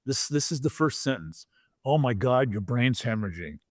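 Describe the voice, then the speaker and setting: On a podcast, a former pro football player in his sixties tells a long story from his past, reliving it vividly and slipping into the voices of the people he quotes. His voice is mid-range at a moderate pace, and the recording is dry and close with no echo.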